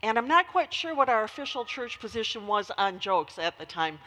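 A woman preaching a sermon and telling a childhood story in an animated way, heard in a long-reverb hall. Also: fairly high pitch, brisk.

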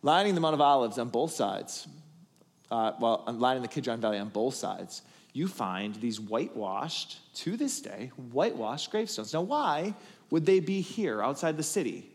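A man preaching a sermon to a congregation, telling the story with animated build-ups that swing from loud emphatic passages to quiet asides. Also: medium pitch, moderate pace, long reverb tail. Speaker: pastor.

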